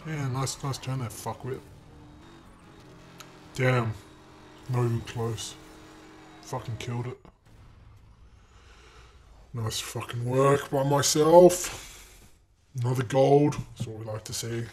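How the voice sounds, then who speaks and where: A man's voice: mid-range voice, fairly even intonation, slow pace, long pauses, noisy background. A young man giving crude, sarcastic commentary while playing a game at home into a desk mic. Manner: crude, sarcastic trash talk at other drivers; sudden loud outbursts and shouting. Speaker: gaming channel host. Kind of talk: profane gameplay commentary. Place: room at home.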